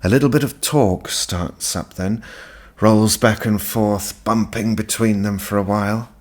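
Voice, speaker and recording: A man narrating a literary audiobook in a measured, unhurried way. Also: on the low side, fairly even intonation, darkish tone.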